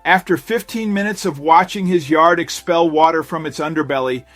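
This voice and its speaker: Male narrator, slightly higher pitch, dramatic scripted storytelling, soft music bed. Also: normal speed.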